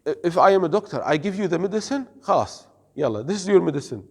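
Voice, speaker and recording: A man's voice: high-pitched, lively intonation, gravelly, slightly rough, in a large hall. A man teaching an Islamic studies class, explaining carefully, quizzing his students and mixing in Arabic terms. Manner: explains slowly, asks the class questions, mixes in Arabic words. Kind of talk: classroom lecture.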